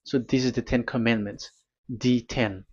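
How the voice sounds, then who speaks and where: A man preaching a teaching sermon at a board, pausing and repeating himself as he explains. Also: medium pitch, steady tone, slightly rough, dull audio. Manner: halting, repeats words, talks to a technician.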